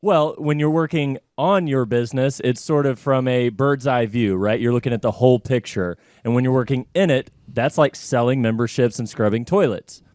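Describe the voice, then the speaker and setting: A male business owner being interviewed, speaking in an even, mid-pitched voice that is smooth and resonant. He answers in a measured, thoughtful way. The sound is dry, with no room echo.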